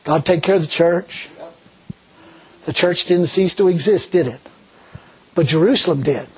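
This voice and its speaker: A middle-aged man preaching a sermon in a folksy, animated way, laughing often. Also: high-pitched, normal speed, husky, poor audio.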